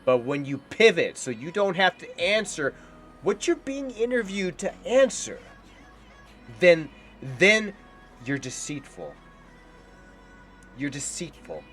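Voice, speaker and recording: A man rants in scornful reaction commentary, his pitch swinging widely from line to line. Faint music plays underneath. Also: animated, unhurried, a bit bright. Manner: indignant, heated and scornful, ranting. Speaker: political commentator.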